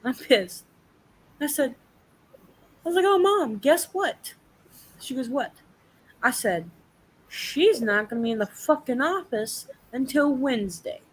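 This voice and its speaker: A woman's voice: sits high, a little slow, long pauses, breathy edge, low-quality recording. A young woman telling a story in a casual live chat, swearing freely and acting out the people she quotes. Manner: profane, animated storytelling.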